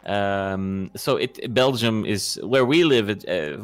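A man's voice: on the low side, expressive, takes it slowly, smooth, faint music behind. Hesitant, laughing podcast guest man. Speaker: podcast guest, coach and trainer. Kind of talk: casual podcast chat.

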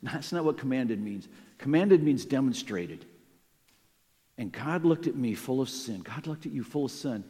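A man preaching a sermon as pastor, emphatic and animated, acting out quoted lines. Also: mid-range voice, normal speed, long reverb tail.

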